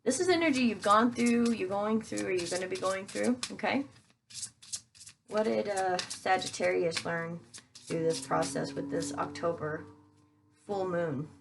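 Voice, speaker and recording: A woman's voice: medium pitch, a little slow, creaky, background noise. A woman doing a casual tarot reading for her viewers, chatty and talking straight to them with plenty of fillers. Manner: chatty, addresses viewers as guys, thinks aloud with fillers. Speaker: tarot reader.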